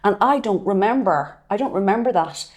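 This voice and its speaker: A woman's voice: medium pitch, brisk. A woman, co-hosting a podcast and telling stories in casual chat with frequent restarts. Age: 50s. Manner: animated storytelling with restarts. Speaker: podcast co-host.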